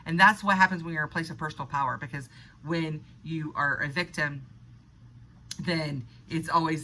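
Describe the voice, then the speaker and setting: A woman's voice: low-pitched, normal speed, pushed and bright, slight background noise, rough recording. A woman in an unscripted motivational monologue, talking earnestly and conversationally, sometimes laughing at herself. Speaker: spiritual vlogger.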